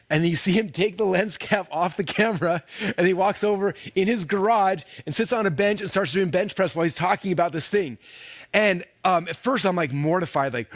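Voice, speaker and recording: A man in his thirties speaks at a fast clip with a fairly high voice. He tells stories in a lively seminar style, acting out quoted lines with many casual fillers. The sound is dry and close. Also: dry recording. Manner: animated, acts out quoted dialogue with many fillers. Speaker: speaker teaching online business. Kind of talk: energetic seminar storytelling.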